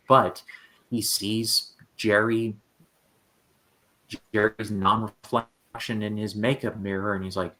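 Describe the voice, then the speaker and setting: A man's voice: fairly low pitch, little pitch movement, slow, long pauses, bright, forceful tone, poor audio. A man hosting a casual movie chat, talking loosely with lots of filler words. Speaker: host of a movie review channel.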